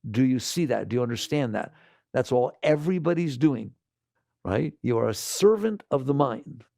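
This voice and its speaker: A man giving a spiritual talk to a live audience, animated and acting out inner voices in exaggerated quotes. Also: mid-range voice, moderate pace, vocal fry, no room sound, studio quality. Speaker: spiritual teacher.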